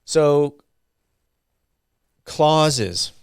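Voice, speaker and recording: Slow, gravelly male lecturer. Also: a little high, expressive, no echo, clean studio sound. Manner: slow and halting, many ums and uhs. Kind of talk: university grammar lecture.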